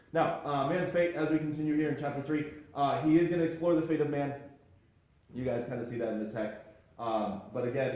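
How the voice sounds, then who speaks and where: A man's voice: fairly low pitch, warm tone, roomy sound. A man teaching a casual Bible lesson, talking loosely with frequent restarts and asides.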